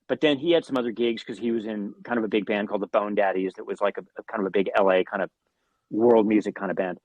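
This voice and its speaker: A man, a guest musician, telling animated anecdotes in an interview, swearing often and restarting his sentences. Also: fairly low pitch, fast, no room sound, lo-fi sound. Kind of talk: storytelling in an interview.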